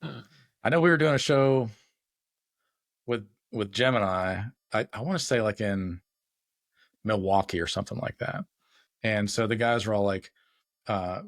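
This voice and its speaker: A man's voice: on the low side, unhurried, long pauses, no echo, clean studio sound. Laid-back man telling road stories. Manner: laid-back storyteller, acts out quotes. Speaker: podcast host. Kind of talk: casual chat.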